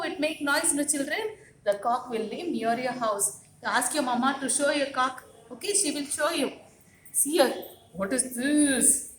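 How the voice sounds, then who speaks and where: A high-voiced preschool teacher leads her class of young children in a sing-song, coaxing manner, repeating every question to them. Her voice echoes through the classroom above a faint background hiss.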